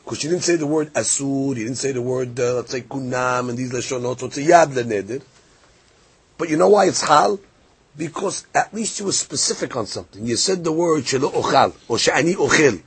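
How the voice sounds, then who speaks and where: A man's voice: on the high side, gravelly, fairly bright tone, slightly rough. A man teaching a daily Talmud class, reading the text aloud in Hebrew and Aramaic and then explaining it in English. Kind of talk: Daf Yomi Talmud class.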